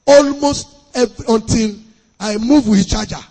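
A man preaching a sermon as pastor, emphatic and repetitive, with sudden shouts. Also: very high-pitched, moderate pace. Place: church hall. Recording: long hall reverb.

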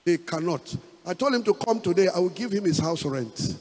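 A pastor preaches in a very high, lively voice, drifting into sung lines and rising to loud calls. His words ring through a big reverberant church hall with soft music underneath. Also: normal speed. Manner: emphatic preaching, half-sung phrases, rising to loud exhortation. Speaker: pastor giving a testimony. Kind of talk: sermon testimony. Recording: echoey hall with music behind.

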